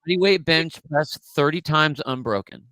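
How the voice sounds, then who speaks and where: A man's voice: a little high, moderate pace, fairly bright tone, no room sound. A middle-aged man co-hosting a podcast, rambling through an old memory in casual chat with frequent restarts. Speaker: podcast co-host.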